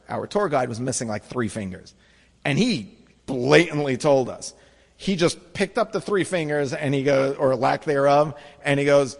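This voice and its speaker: Gravelly man telling a comic story. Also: on the high side. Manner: animated, with quick restarts and acted-out asides. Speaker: rabbi telling a story to an audience. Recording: echoey hall.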